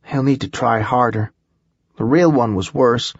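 A man's voice: mid-range voice, measured pace, slightly rough, dry recording, lo-fi sound. A man voicing a tough, sarcastic young woman survivor in an audiobook, blunt and wisecracking. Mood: grim.

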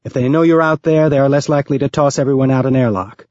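A man's voice: mid-range voice, quick pace, a little mellow, no room sound, highs cut off, close to an everyday voice. A man voicing a commanding male ship captain giving orders over a radio channel. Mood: urgent, commanding.

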